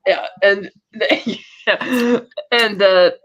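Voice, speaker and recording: Guy with a high voice going over a tv episode, lots of likes and restarts, kinda muffled lo-fi sound. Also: fairly even intonation, extremely slow, fairly bright tone. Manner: rambling, with many restarts and likes. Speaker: podcast co-host. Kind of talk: casual chat recapping a TV episode.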